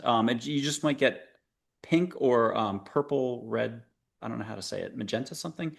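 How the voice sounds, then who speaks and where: A man's voice: medium pitch, normal speed, creaky, breathy edge. A man hosting a spiritual talk show, guiding listeners through breathing and visualization with a playful, joking manner. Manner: playful, jokey, coaxing guide. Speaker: show host. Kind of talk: guided meditation talk show.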